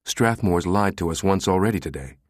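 A man voicing a pushy, fierce middle-aged woman analyst, talking in an insistent, sharp, clipped way. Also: low voice, animated, a little fast, no echo, studio quality.

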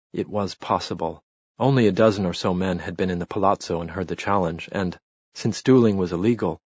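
A man narrating a novel in a measured, steady reading. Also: deep voice, husky, dry recording, lo-fi sound. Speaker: audiobook narrator. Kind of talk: scripted narration.

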